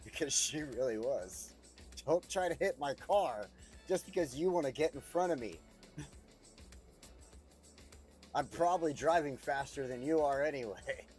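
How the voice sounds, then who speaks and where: A man's voice: mid-range voice, a little mellow. Rambling, profane man streaming. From United States. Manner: rambling, profane, chuckles often. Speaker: streamer playing a city-building game. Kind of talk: casual gameplay commentary.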